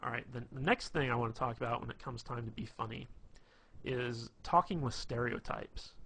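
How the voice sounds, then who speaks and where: A man with a husky, slightly breathy voice at an ordinary pitch talks through tips in a loose, rambling way. He leans on fillers and restarts as if chatting with a friend. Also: normal speed, fairly bright tone. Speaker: dating advice presenter. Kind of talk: casual instructional talk.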